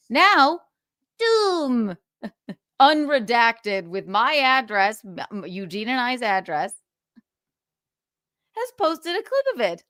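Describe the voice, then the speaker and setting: A woman's voice: medium pitch, fairly bright tone, no room sound, studio quality. A woman hosting a livestream, ranting in a sarcastic, profane way and laughing between jabs. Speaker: livestream host.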